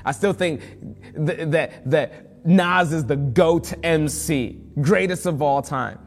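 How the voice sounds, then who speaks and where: A man's voice: fairly high pitch, slow, big-room sound. A male pastor preaching a sermon in a conversational way that builds to fervent emphasis.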